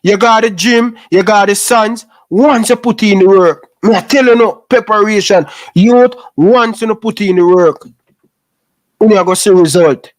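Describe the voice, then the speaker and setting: A man's voice: sits high, moderate pace. A Jamaican man giving an impassioned, preachy rant in patois, scolding young footballers and repeating his points.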